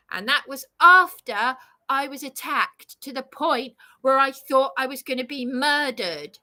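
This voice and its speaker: A woman's voice: high-pitched, animated, unhurried, bright, forceful tone. A woman delivering an indignant, emphatic ranting monologue, swearing and laughing bitterly. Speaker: vlogger.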